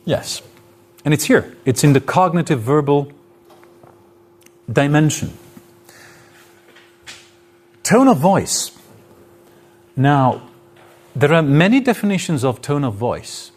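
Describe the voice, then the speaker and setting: A man's voice: on the high side, very animated, takes it slowly, long pauses, darkish tone. A man lecturing to an audience in a hall, explaining his points with spoken examples and shifts in intonation. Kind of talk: live lecture.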